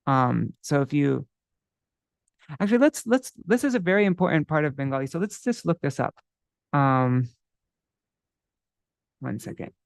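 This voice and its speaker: A man's voice: a little high, animated, vocal fry, no room sound, studio quality. A man teaching a devotional song text in a live class, explaining words one by one and stopping to look them up in a dictionary. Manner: chants scripture verses slowly.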